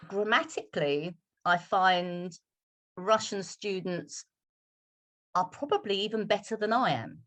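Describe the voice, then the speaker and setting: A British woman English teacher from London, speaking with a polished RP accent in measured, slowed speech on a video call. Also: fairly low pitch, fairly bright tone. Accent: British RP, London roots. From London, England. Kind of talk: online Q&A talk.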